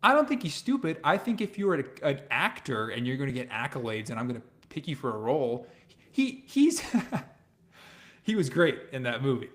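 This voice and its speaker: A man's voice: mid-range voice, sing-song, normal speed. Blunt, opinionated man on a podcast. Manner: blunt, opinionated, trails off quietly. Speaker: podcast guest. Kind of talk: casual sports chat.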